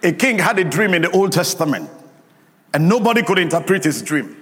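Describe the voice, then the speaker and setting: High-voiced preaching man, reverberant hall. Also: very animated, brisk, a bit bright. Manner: emphatic preaching with call-and-response to congregation. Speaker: pastor. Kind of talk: sermon.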